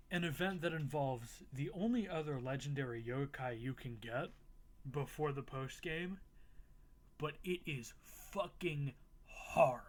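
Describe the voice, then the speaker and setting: A young man casually recapping a game playthrough, swearing freely and laughing at himself. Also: mid-range voice. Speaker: gaming YouTuber.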